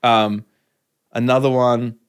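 A man's voice: mid-range voice, little pitch movement, slow pace, smooth. Brief: young Aussie man, easygoing podcast guest, loose rambling storyteller, lots of "like". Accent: Australian. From Australia. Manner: laid-back, rambling, full of "like". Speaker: podcast guest, touring musician. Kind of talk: casual chat, storytelling.

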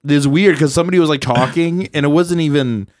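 A man's voice: on the high side, a little fast, a little mellow, dry recording, clean studio sound. A man, a stand-up comic hosting a podcast, telling stories in casual chat, swearing freely and laughing often. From Southern California. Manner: profane, storytelling, laughs often.

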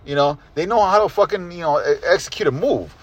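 A man telling a rambling, excited story to a friend in casual chat, swearing freely. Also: a little high, fast talker, no room sound.

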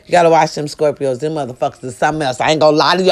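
A middle-aged woman chatting casually and loudly to her viewers, swearing freely and breaking into snatches of song. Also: deep voice, rapid-fire. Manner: loud, profane and animated, with sung snippets. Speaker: live-stream host.

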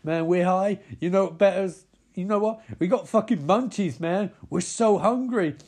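A man voicing a group of stoned, hungry male cannibal tribesmen who giggle and drawl loudly. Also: sits high, moderate pace.

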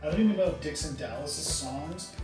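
A man's voice: fairly high pitch, a little fast, heavy reverb, distant mic, music in the background. A man co-hosting a podcast, chatting casually and rambling with lots of "like". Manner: laid-back, rambling, lots of "like". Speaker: podcast co-host. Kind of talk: casual chat.

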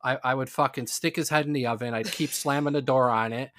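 A man co-hosting a casual podcast, telling crude, animated stories. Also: mid-range voice, fast talker. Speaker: podcast co-host. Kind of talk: casual chat.

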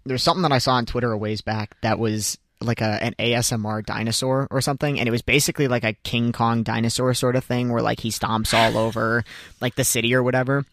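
A man's voice: mid-range voice, steady tone, fast, a bit bright, no room sound, studio quality. A young man co-hosting a radio show, bantering casually and teasing with frequent laughter. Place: radio studio.

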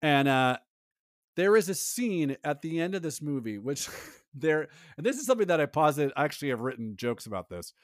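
A man co-hosting a podcast in casual chat, animated and rambling, acting out lines from a movie. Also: fairly high pitch, moderate pace, dry recording, studio quality. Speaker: podcast co-host.

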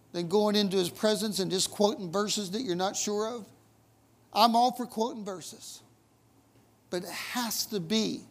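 A man preaching a sermon in a conversational, folksy way, telling stories with emphatic asides. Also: high-pitched. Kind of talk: storytelling sermon.

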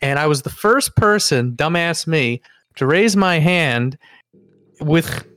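A man co-hosting a podcast, telling a story in a lively, casual way with some swearing. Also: on the high side, slow, smooth, no room sound. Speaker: podcast co-host.

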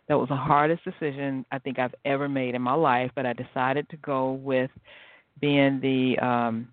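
A woman hosting a podcast on her own, chatting in a lively way and laughing often. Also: a bass voice, normal speed, no echo. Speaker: podcast host. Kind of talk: casual solo talk. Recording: tinny phone-like sound.

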